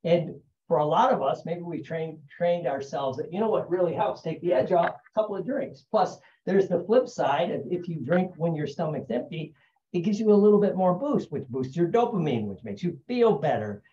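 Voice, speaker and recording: This American hypnotherapist explains habits at a moderate pace in an expressive, fairly high voice with a dark tone. His style is conversational, peppered with "right?" and "you know"; the audio is dull, echoey, and distant, with slight background noise.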